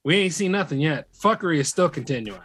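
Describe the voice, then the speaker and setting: A man co-hosting a comedy podcast, talking in a wry, animated way and laughing often. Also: on the high side, fast talker, faint music behind. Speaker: podcast co-host. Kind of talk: casual comedic podcast chat.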